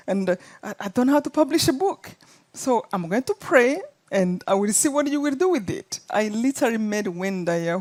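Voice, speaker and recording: A woman's voice: medium pitch, darkish tone. A middle-aged woman from Rwanda with a Rwandan accent, earnestly retelling her life story as a guest and acting out the quotes. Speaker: guest speaker. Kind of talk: storytelling in an interview.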